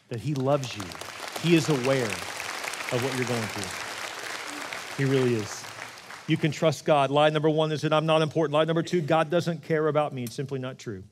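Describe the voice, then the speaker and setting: A middle-aged man delivers a sermon from the pulpit as the pastor, speaking with earnest conviction. His voice sits at an ordinary middle pitch, and he moves between energetic, raised passages and soft, hushed moments. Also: normal speed, a faint crowd. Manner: earnest storytelling, swings from loud to hushed.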